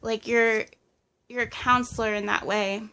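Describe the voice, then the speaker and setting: A woman's voice: on the high side, little pitch movement, measured pace, sharp tone, clean tone. A woman giving a pick-a-card tarot reading in a casual, hesitant way, listing impressions with many fillers. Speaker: tarot reader.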